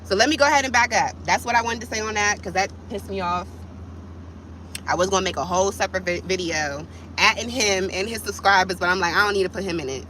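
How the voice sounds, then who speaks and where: Bright-voiced woman ranting on her live, blunt and cussing, faint hum behind her. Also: mid-range voice, fast, rough recording. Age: adult with kids. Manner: blunt, profane, fired up, talks straight to viewers. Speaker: vlogger on a livestream. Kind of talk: heated livestream vent.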